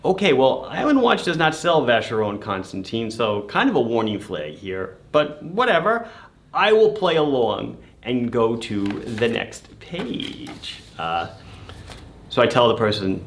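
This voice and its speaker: A man's voice: mid-range voice, sing-song, a little slow. A man who runs a watch shop, casually telling his viewers a story in a chatty, amused way. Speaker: watch shop owner and channel host.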